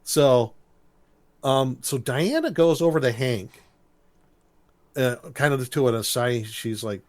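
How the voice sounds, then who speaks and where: A man co-hosting a podcast, recapping a cartoon episode in a lively, storytelling way and laughing as he goes. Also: mid-range voice, slow pace. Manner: animated storytelling, briefly imitates characters with laughs. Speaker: podcast co-host.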